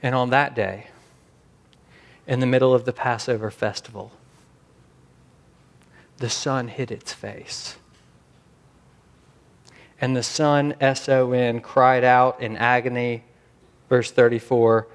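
Male pastor, mid-pitched, earnest sermon delivery, slows and swells for emphasis. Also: fairly even intonation.

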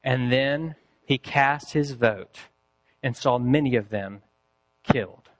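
Man preaching with deliberate pauses. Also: medium pitch. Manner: deliberate, with dramatic pauses and slowed phrases. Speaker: pastor. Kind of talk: sermon with personal storytelling.

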